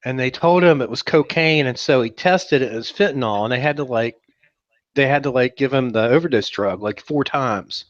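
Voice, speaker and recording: A man from West Virginia trades wry, sarcastic banter as a podcast co-host. His voice sits mid-pitched and dry, with no room around it. The sound is slightly dull and lo-fi. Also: normal speed, dry recording.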